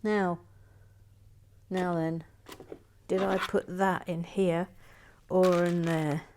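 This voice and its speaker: Woman, lowish voice, chatty, self-mocking, drifts into whispers. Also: little pitch movement, very slow, background noise. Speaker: Lego building vlogger. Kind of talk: casual chat while building, reading viewer comments.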